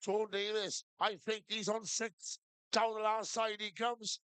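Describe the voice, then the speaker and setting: A man giving steady blow-by-blow live commentary on a shearing competition. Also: high-pitched, measured pace, smooth, no echo. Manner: steady blow-by-blow calling of each shearing move. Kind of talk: live sports commentary over a PA.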